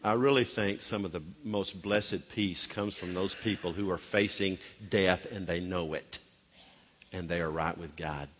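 A middle-aged man preaching a sermon, swinging from loud, urgent exhortation to hushed, intimate storytelling. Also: low voice, steady tone, measured pace, big-room sound, slight background noise. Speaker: pastor.

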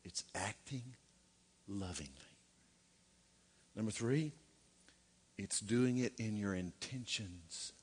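A man's voice: fairly low pitch, slow pace, long pauses, darkish tone, breathy edge. A middle-aged man preaching a sermon in a folksy way, with joking asides and rhetorical questions. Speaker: pastor.

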